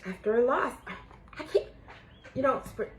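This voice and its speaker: A woman doing a casual spiritual tarot reading for her viewers, emotional and a little profane, swinging between excited outbursts and hushed awe. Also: high voice, normal speed, a little hiss or hum, low-quality recording. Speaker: tarot reader.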